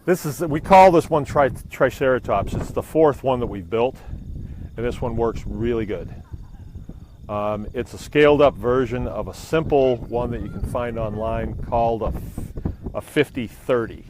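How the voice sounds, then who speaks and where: A man's voice: medium pitch, a little slow, a little mellow, a little hiss or hum. Middle aged new guy rambling on his phone outside, easygoing and jokey, faint fire roar behind. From New England. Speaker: biochar maker streaming live. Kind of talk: casual live-stream demonstration. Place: outdoors beside a burning kiln. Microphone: phone held by the speaker.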